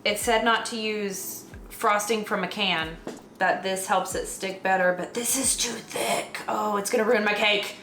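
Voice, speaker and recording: A woman's voice: medium pitch, fairly even intonation, a little slow, fairly bright tone, echoey room, faint music behind. A woman with a Southern US accent and a slight lisp, chatting casually and joking at her own expense as she bakes in her home kitchen. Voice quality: slight lisp from a dental flipper. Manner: self-deprecating, jokey, talks to herself. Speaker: vlogger. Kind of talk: casual rambling chat while baking.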